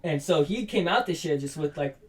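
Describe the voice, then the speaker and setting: A man rambling in casual podcast chat about the team he loves, full of swearing and fan excitement. He sits away from the mic, so he sounds distant. The audio is flawed. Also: a little high, fairly quick. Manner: excited, profane esports fan talk. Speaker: podcast co-host.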